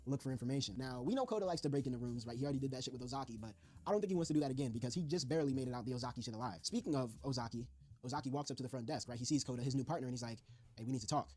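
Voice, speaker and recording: A young man streaming, retelling a story in a slangy, excitable way and laughing along. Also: medium pitch, racing, husky. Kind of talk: casual comic recap of a story.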